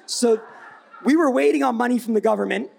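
Man, high voice, gravelly rasp, blunt energetic storyteller, live panel. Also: a little fast. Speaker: brand founder, panelist. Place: event stage before live audience.

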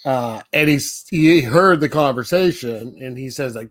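A man's voice: a little high, lively intonation, a little slow, few pauses. A man co-hosting a podcast, loosely retelling a film in casual chat with lots of fillers and frequent laughs. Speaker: podcast co-host. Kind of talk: casual movie discussion.

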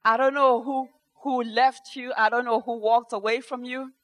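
A woman preaching a sermon with passion, swinging from hushed tones to shouting and repeating phrases for emphasis. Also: a little high, fairly even intonation, normal speed, rough recording.

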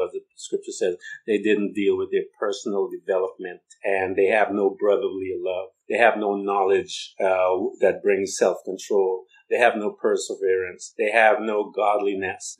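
A middle-aged man with a low voice preaches an informal sermon. He tells stories in a loose, rambling way and repeats words as he goes. He slips into the voices of the people he quotes. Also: rough recording.

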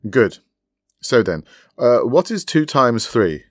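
A man voicing a courteous, enigmatic older male sleuth who asks polite, measured questions. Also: mid-range voice, sing-song, no echo, clean studio sound, pitched above the performer's own voice.

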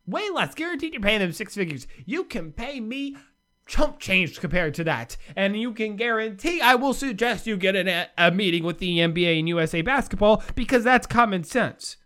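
A man's voice: very high voice, lively intonation, normal speed, fairly bright tone. A man hosting a solo sports commentary show from the United States, ranting sarcastically with big swings in his voice.

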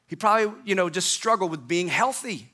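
A male pastor delivering a sermon, emphatic and repetitive, often letting his phrases fall away softly at the end. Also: high voice, lively intonation, a little fast. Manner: emphatic, repetitive preaching with falling phrase endings.

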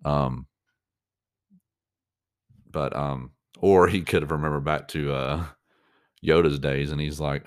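A man's voice: a bass voice, steady tone, takes it slowly, pauses often, smooth, dry recording, studio quality. A man giving reaction commentary on a show, earnest and openly moved, rambling with many fillers and restarts.

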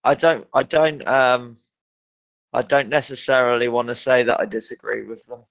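A man's voice: mid-range voice, fairly even intonation, moderate pace, vocal fry, fairly bright tone, dry recording. A man in a crude casual chat, making dry ironic remarks.

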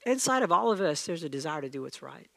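A middle-aged man preaching a sermon, telling a story and acting out the dialogue with lively energy. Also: on the high side, fast, gravelly. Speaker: pastor.

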